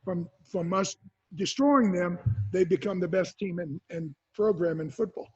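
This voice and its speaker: A retired football player in his sixties answers interview questions with animated stories, acting out what people said. His voice sits high with a breathy edge and a moderate pace. The recording has a dull lo-fi sound.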